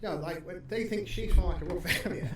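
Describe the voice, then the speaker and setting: Rambling comedian in a roomy space. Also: male voice, high voice, a loud crowd. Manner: rambling, sweary, quick to laugh. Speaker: stand-up comedian guest. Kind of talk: casual podcast chat. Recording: roomy echo, faint background hum.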